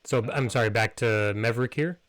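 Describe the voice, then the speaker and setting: A man narrating as game master in a relaxed way, laughing often and pausing with ums. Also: medium pitch.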